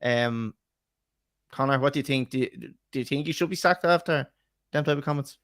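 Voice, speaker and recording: A man's voice: medium pitch, fairly quick, fairly bright tone, no room sound, clean studio sound. A man hosting a casual football chat podcast, teasing his co-hosts sarcastically and laughing often. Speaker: podcast host.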